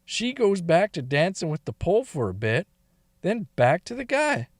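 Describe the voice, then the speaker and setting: A man's voice: high-pitched, wildly swooping pitch, normal speed, no room sound, clean studio sound. A man telling a story in a casual, crude way, swearing and laughing often between lines.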